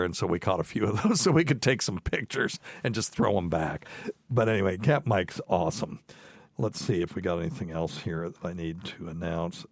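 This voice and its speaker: A man's voice: sits low, no echo. A middle-aged man from the mountains of North Carolina with a light Southern accent, hosting a podcast in a rambling, folksy way with many fillers and restarts. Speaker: podcast host. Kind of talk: casual chat.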